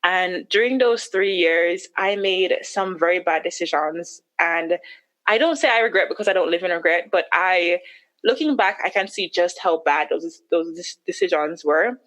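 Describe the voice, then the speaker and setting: A woman guest on a podcast, telling a personal story candidly and acting out her own past words with sharp jumps in pitch. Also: normal speed.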